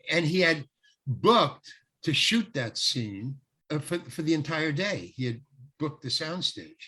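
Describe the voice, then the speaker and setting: A man's voice: fairly high pitch, big pitch swings, measured pace, sharp tone, breathy edge. An older man, a guest actor, rambling through showbiz anecdotes in casual talk, often restarting and acting out quoted dialogue.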